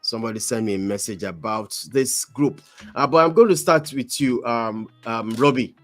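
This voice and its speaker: A man's voice: medium pitch, moderate pace. A man, hosting a sports talk show, moderating and reading out lists conversationally. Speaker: host.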